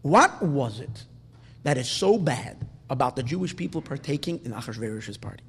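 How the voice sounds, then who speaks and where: A man teaching a Talmud lesson, halting and restarting often, asking rhetorical questions. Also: medium pitch, expressive, breathy edge, long reverb tail. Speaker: Torah teacher.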